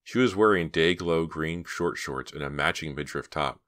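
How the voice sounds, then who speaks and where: A man narrating an audiobook in a steady, measured reading style. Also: very deep voice, smooth.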